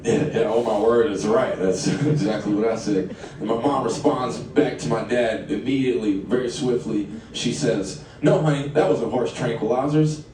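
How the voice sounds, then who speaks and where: A man's voice: fairly low pitch, fairly even intonation, normal speed, few pauses, noisy background. A man, doing a stand-up comedy set in a conversational way and chuckling through his lines. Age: late 20s. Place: live comedy venue, echoey room. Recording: echoey live room, distant, crowd ambience.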